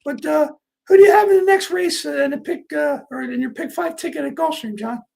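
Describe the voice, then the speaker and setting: Guy with a weirdly high squeaky voice, bit of gravel, rambling on about his race picks. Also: a little fast, darkish tone. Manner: rambling, full of fillers, earnest. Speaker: horse racing handicapper host. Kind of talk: casual betting chat.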